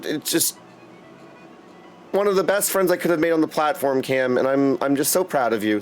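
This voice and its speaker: A man's voice: a little high, animated, normal speed, a little hiss or hum. A young man hosting a live game stream in casual chat, effusive and greeting viewers by name. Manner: chatty and effusive, greets viewers by name, keeps saying "my dude".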